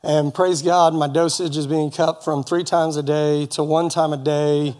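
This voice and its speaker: A man's voice: fairly high pitch, flat delivery, unhurried, darkish tone. Earnest man giving church testimony. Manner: earnest, folksy, with light humor. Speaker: congregation member giving testimony. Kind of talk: personal testimony at church service. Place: church service in front of a congregation.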